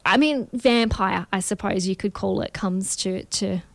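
A woman's voice: medium pitch, measured pace, gravelly, no echo. A woman co-hosting a casual chat, rambling with fillers while she reviews a film. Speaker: co-host.

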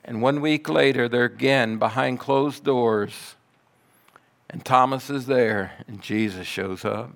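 Preacher man, slow deliberate sermon, big dramatic swells. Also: mid-range voice, gravelly, a bit bright. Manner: dramatic storytelling, slow and emphatic.

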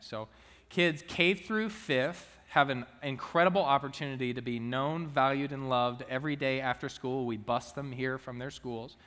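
Bright-voiced young man preaching in a reverberant hall. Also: mid-range voice, smooth. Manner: chatty, joking storyteller. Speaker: student minister. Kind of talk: sermon. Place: church sanctuary.

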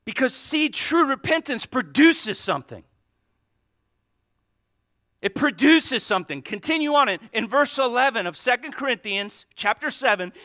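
A man preaching as pastor, swinging from hushed pleading to shouted intensity as he calls out to God. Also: extremely high pitch, no echo, studio quality. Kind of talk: sermon.

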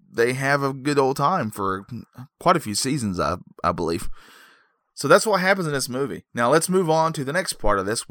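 A man's voice: mid-range voice, no room sound, studio quality. Rambling man recapping a horror film. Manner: rambling, deadpan asides. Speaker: movie reviewer. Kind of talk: comedic movie recap.

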